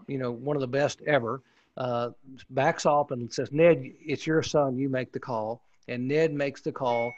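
A former pit reporter appears as a guest in a casual interview, enthusiastically telling a long, rambling story with restarts in a voice on the high side. There's no room sound, but the audio is dull, muffled, and lo-fi.

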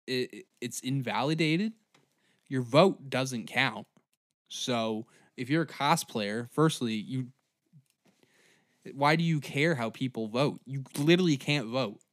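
A man hosting a comedy podcast, delivering a profane, mocking, angry rant that swings between shouting and muttering. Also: medium pitch, dry recording, studio quality.

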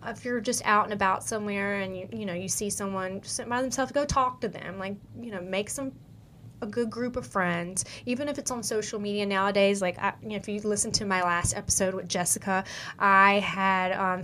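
A woman's voice: medium pitch, fairly bright tone, a little hiss or hum. A young woman with a Southern US country accent, hosting a podcast and giving casual, upbeat advice, full of "like" and "you know". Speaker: podcast host.

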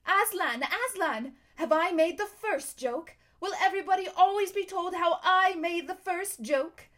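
A woman reading a storybook aloud and voicing a perky, excitable little male jackdaw, loud and shrill. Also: a little slow. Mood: excited.

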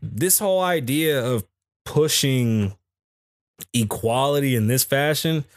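A man's voice: medium pitch, slow, dry recording, clean studio sound. A man hosting a casual podcast, reading news stories aloud and cutting in with blunt, profane, mocking comments. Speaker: podcast host.

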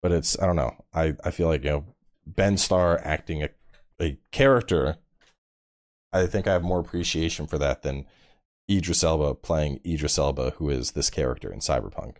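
Deep-voiced man in casual game chat. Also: normal speed. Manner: laid-back, swears freely, laughs at his own stories. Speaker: gaming podcast co-host.

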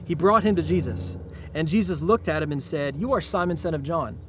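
A man preaching a sermon to a church congregation, retelling scripture in a relaxed, conversational way. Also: on the high side, a little fast, noisy background. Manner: conversational, paraphrases scripture in casual speech. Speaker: pastor.

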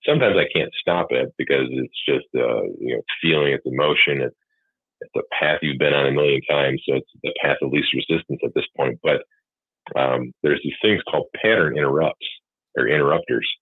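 A man with an extremely low voice speaks briskly, chatting candidly about fatherhood, rambling and swearing freely. The recording is dry with no room sound, coming through a husky, tinny line like a phone.

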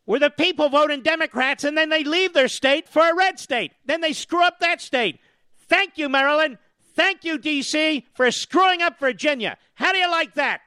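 A man's voice: extremely high pitch, pushed and bright, no room sound. A man hosting a talk radio show, delivering a sarcastic, mocking and combative opinion monologue into a studio microphone. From US East Coast.

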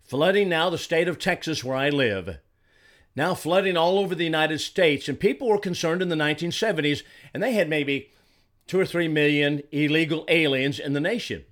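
A man's voice: on the high side, normal speed, a bit bright. A man in his sixties from Arizona delivering an indignant political commentary, stressing his points and repeating words when heated. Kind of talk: solo commentary monologue.

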